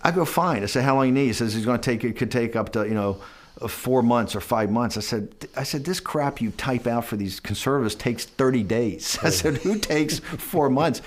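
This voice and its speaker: A man's voice: mid-range voice, brisk. A middle-aged man telling a long anecdote in a documentary interview, acting out bits of dialogue and often restarting his sentences.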